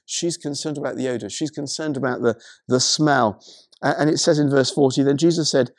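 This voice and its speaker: A male pastor preaching a sermon, retelling a story in an animated way, with many stammered restarts. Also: mid-range voice, fairly quick, no room sound, clean studio sound.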